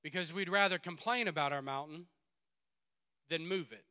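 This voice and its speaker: A man preaching a sermon in a church, swinging between loud exhortation and quiet asides and laughing often. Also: fairly high pitch, moderate pace, clear, resonant tone. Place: church sanctuary.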